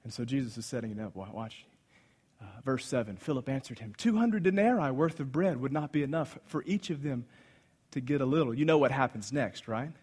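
A man preaching a sermon, swinging between loud exclamations and hushed asides as he retells a Bible story. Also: medium pitch, fairly quick, husky. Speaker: pastor.

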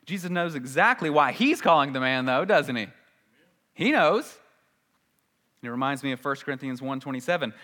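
A male pastor delivers a sermon in a bright, forceful voice. He keeps it conversational, tossing rhetorical questions to the room. The sound carries a long hall reverb. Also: medium pitch, lively intonation, normal speed, pauses often.

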